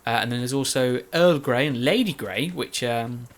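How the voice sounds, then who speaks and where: Medium in pitch and moderate in pace, a male Let's Play commentator chats and rambles over his own recorded gameplay. He often makes himself the butt of the joke.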